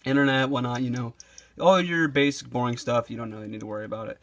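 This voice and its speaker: A man's voice: mid-range voice, fairly even intonation, fast, a bit bright. A young man giving a rambling, casual review with frequent swearing, saying he is losing his voice. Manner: rambling and casual, swears often, many fillers. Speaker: video reviewer.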